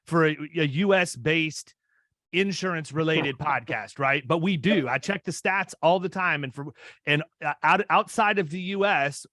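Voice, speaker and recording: A man's voice: fairly high pitch, moderate pace, sharp tone, dry recording, clean studio sound. A man in his fifties hosting a podcast interview, chatting casually and often restarting his sentences. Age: 50s. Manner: rambling, restarts mid-sentence. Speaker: podcast host.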